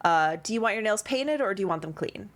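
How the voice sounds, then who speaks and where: A woman's voice: medium pitch, lively intonation, fast talker. A woman running a tabletop game on a live stream, chatty and giggly, full of "like"s. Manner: bubbly, giggly, many "like"s. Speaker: game master. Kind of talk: narrating a tabletop game, casual. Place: home streaming setup.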